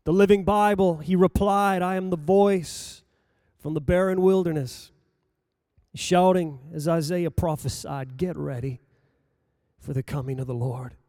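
A man preaching a sermon, reading scripture aloud in a slow, measured delivery that rises for emphasis and drops low at the ends of phrases. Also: steady tone, a little mellow, dry recording, clean studio sound.

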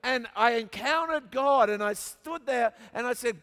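An Australian pastor with a high-pitched voice preaches to a church crowd, mixing humor with emphatic, repeated build-ups. His words carry a long reverb from a large hall. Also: measured pace, fairly bright tone. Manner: storytelling with humor, emphatic repetition. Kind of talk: sermon.

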